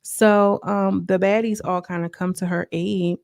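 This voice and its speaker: Chatty woman reviewer with a fry-edged, gravelly voice, loose and full of fillers. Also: medium pitch, measured pace, no echo, clean studio sound. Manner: chatty, filler-heavy, animated asides. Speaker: YouTube reality-show reviewer. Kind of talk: casual reality TV recap.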